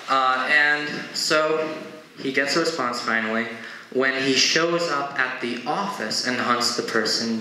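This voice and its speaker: A man's voice: mid-range voice, pushed and bright. A man doing stand-up storytelling in a conversational, wry way, with side remarks along the way. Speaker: comedian. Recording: very echoey room.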